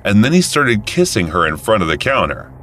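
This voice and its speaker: A man with a very deep voice tells a first-person story, calm and matter-of-fact, his pitch moving a lot from line to line. Faint music plays under him, as in an animated story video. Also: brisk. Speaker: story narrator.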